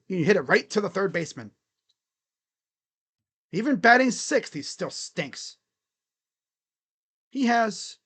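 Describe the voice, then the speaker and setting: A man doing excitable live play-by-play as a fan, cheering, chanting and grumbling at his team. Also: high voice. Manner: animated, cheering and chanting, swings to muttered grumbling. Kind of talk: excited live game commentary.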